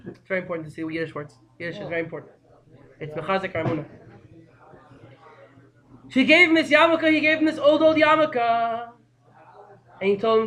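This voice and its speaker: A man teaching a storytelling Torah class, who gets excited and breaks into shouting. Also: very high voice, a little fast, pauses often. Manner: excitable, breaks into shouting, mixes Hebrew and Yiddish terms.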